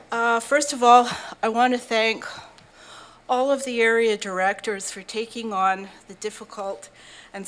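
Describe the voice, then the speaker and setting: An older woman speaks as a delegate at a council meeting, reading her statement in an earnest, slightly breathless way. Her pitch is middling for a woman. A faint room hum sits behind her voice. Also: a bit bright, low-quality recording. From Canada. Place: council chamber.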